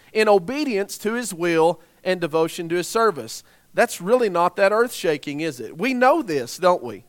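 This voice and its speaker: A man in his thirties or forties delivers a sermon with a fairly high voice. He talks in a conversational way, often turning to the congregation with rhetorical questions. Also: fairly bright tone. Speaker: preacher.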